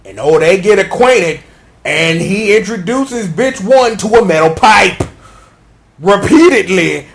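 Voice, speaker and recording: A man giving a comedic, slangy episode recap, joking and animated as he tells the story. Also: high-pitched, a little slow, gravelly, a little hiss or hum. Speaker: show recap commentator.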